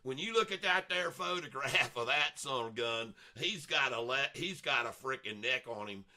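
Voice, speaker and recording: A man's voice: medium pitch, animated, moderate pace, sharp tone. A man putting on a folksy Southern US accent, talking in a boastful, rambling drawl. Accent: put-on Southern US.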